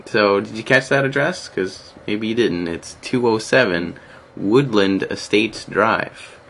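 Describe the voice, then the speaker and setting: A man's voice: lowish voice, unhurried, fairly bright tone. A man co-hosting a casual comedy podcast, joking around in playful, rambling banter and laughing often. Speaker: podcast co-host.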